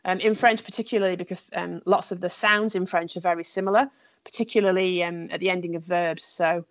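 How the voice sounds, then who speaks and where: A woman's voice: lowish voice, steady tone, fairly quick, no echo. A woman language teacher, chatting enthusiastically with lots of fillers and restarts. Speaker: French teacher. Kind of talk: casual conversation.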